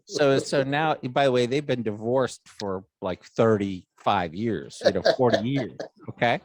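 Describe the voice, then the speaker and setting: A man's voice: medium pitch, a little slow. A middle-aged man hosting a podcast, telling a long funny family story in casual chat and acting out the voices of the people in it. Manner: animated storyteller, acts out quoted voices, swears freely. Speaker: podcast host.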